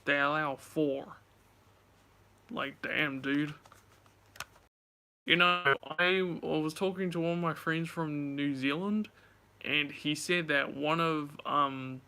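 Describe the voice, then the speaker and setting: A man's voice: a little high, fairly even intonation, slow pace, pauses often, sharp tone, smooth. A young man casually telling a story to his viewers, chatty, swearing and acting out both sides of a conversation. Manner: chatty, swears, retells dialogue animatedly. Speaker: vlogger.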